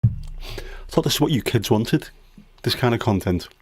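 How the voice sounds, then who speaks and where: A man's voice: medium pitch, expressive, measured pace, darkish tone, slightly rough, dry recording. A middle-aged man hosting a casual livestream chat, teasing his daughter with jokey dad humor. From United Kingdom. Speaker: livestream host.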